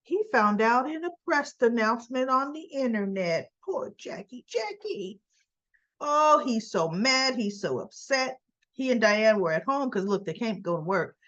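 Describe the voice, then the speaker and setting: A woman's voice: a little high, lively intonation, a bit bright, highs cut off. A woman hosting a daily soap opera recap, chatting casually and acting out the characters' lines. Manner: chatty, acts out characters' lines in quick voices.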